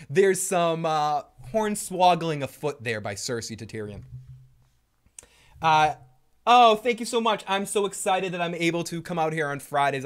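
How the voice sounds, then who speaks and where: A man's voice: medium pitch, a bit bright. A young man hosting a live stream, chatting loosely and profanely, reading viewer questions and scatting drum sounds. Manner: loose, rambling and profane, with scat drum noises. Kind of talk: casual live-stream chat.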